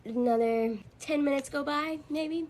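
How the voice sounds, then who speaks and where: A woman's voice: high voice, unhurried, a little mellow, slight background noise, low-quality recording. Woman, shaken and agitated, personal rant with nervous laughs.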